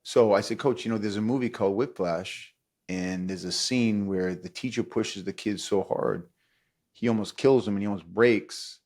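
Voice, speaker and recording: A middle-aged podcast host, his voice on the low side, talks at an ordinary pace through a casual chat. He tells stories animatedly, acting out quotes and laughing often.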